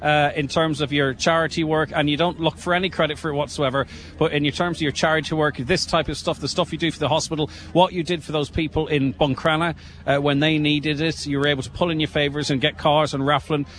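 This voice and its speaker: A man with an Irish accent presenting a live outdoor radio broadcast, upbeat and giving shout-outs. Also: on the high side, fairly even intonation, fast, slight background noise. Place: outdoor show ground.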